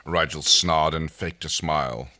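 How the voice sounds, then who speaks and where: A man's voice: rumbling low, fairly even intonation, normal speed, pushed and bright. A man, co-hosting a podcast and reading fan fiction aloud in an easygoing, self-deprecating way. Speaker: podcast co-host.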